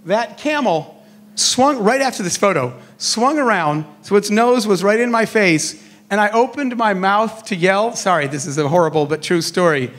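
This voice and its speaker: A middle-aged man with a notably high voice for a man delivers a motivational speech. He tells his stories in a lively way and plays out each exchange of dialogue. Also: moderate pace. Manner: animated storyteller acting out dialogue. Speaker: keynote speaker on entrepreneurship.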